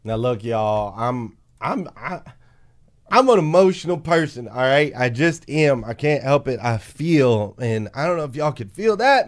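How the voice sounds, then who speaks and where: An earnest man hosting his show, speaking to his community with feeling. He repeats words for emphasis and talks to listeners as y'all, at a middle pitch. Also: very animated, a little slow. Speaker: host. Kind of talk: emotional community pep talk.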